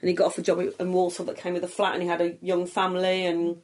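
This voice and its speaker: A middle-aged woman from the English Midlands with a Black Country accent, chatting as a comedian guest and telling stories with lively swearing. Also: fairly low pitch, very fast. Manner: animated storytelling with swearing. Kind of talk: casual chat.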